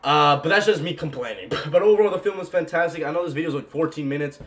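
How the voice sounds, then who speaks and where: A young man in an excited, casual movie reaction vlog, gushing and repeating "bro" and "man". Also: on the high side, fast talker.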